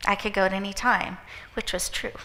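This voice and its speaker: A woman hosting an event, giving an inspirational talk with a gentle, encouraging guided visualization. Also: mid-range voice, steady tone, a little fast, slight background noise. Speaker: event host and speaker. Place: event hall with live audience. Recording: echoey hall reverb.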